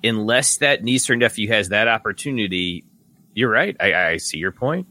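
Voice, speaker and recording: A man's voice: fairly low pitch, lively intonation, normal speed, pushed and bright. A man co-hosting a casual sports podcast, rambling through long hypotheticals. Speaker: podcast co-host.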